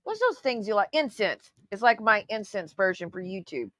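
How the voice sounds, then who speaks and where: A woman's voice: mid-range voice, sing-song, moderate pace, fairly bright tone, dry recording. A woman hosting her own channel, giving sarcastic, profanity-laced casual commentary on clips. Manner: sarcastic, profane, calls people honey. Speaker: YouTube host reacting to clips.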